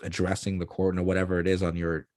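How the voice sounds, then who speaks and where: A man's voice: sits low, monotone, quick pace, darkish tone, dry recording. A man hosting an interview, asking long, rambling questions with many fillers. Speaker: host, interviewer.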